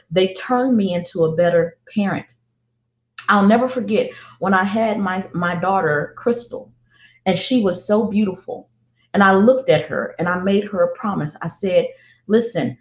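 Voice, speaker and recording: A middle-aged woman telling a personal parenting story, emphatic and deliberate, often repeating herself for weight. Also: on the low side. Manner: emphatic, slow and deliberate with heartfelt repetition. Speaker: parenting speaker. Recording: roomy, dull lo-fi sound.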